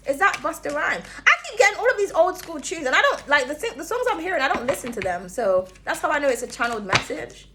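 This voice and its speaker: A woman's voice: sits high, sing-song, fast talker, noisy background. A woman giving a casual tarot reading, chatty and rambling, swearing freely and humming as she thinks. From outside the United States. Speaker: tarot reader.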